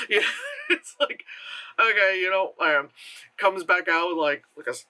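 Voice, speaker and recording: A man's voice: on the high side, animated, moderate pace, background noise. An American man in pain, reviewing a movie in a rambling, sarcastic way, often interrupting himself and laughing. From United States.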